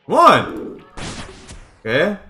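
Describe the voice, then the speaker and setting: Excitable young man streaming a game. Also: high-pitched, extremely slow, faint music behind. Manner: excitable, swearing, swings from shouts to muttering. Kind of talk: live gameplay commentary.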